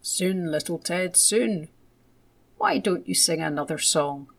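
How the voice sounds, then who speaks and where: Brief: a woman playing a soothing parent, slow and gentle. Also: lowish voice, gravelly, full character voice.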